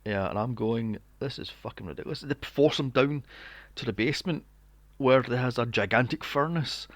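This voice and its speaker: A man hosting a podcast, recapping a film in casual chat, animated and sweary, acting out scenes in mocking voices. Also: mid-range voice, moderate pace, dry recording. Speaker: podcast host. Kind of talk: casual movie review chat.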